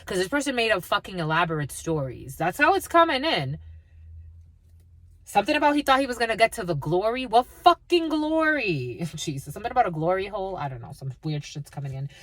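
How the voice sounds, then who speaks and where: Very animated and fast, this woman speaks in a mid-range, fairly bright voice, with no room sound. She's a spiritual reader giving a foul-mouthed channeled energy reading, blunt and constantly swearing, laughing at her own reading now and then.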